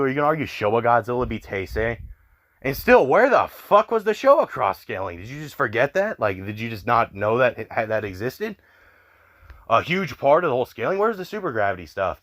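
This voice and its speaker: A man's voice: medium pitch, a bit bright. A young man ranting in exasperated online commentary, swearing often and filling his talk with "like". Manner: exasperated, swears a lot, many fillers. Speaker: commentary youtuber.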